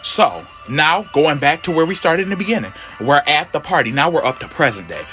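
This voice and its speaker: A man's voice: fairly high pitch, big pitch swings, a little fast, pushed and bright, faint music behind. A man casually recapping a comic story in a sassy, slangy way, calling everyone honey. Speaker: comic book recap host.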